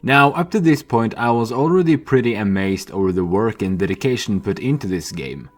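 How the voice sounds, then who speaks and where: A young man narrating a video essay in a candid, animated way that includes swearing. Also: fairly low pitch, brisk, faint music behind.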